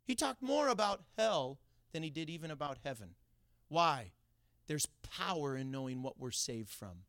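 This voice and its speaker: Animated middle-aged male pastor, high bright voice. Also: normal speed, no room sound, clean studio sound. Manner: animated storytelling, laughing asides. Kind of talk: sermon with personal story.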